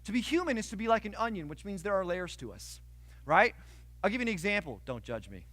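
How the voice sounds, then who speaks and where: Male pastor, high bright voice, dry close sound, animated sermon delivery with swings from loud to hushed. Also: fast talker, dry recording. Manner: animated storytelling with sudden outbursts and hushed asides.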